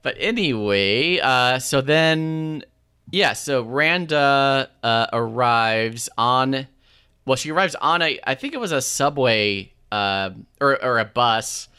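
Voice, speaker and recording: A man co-hosting a podcast, recapping an episode in relaxed casual chat with lots of fillers and restarts. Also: mid-range voice, slow pace, smooth. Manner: laid-back, many fillers and restarts, laughs often. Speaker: podcast co-host.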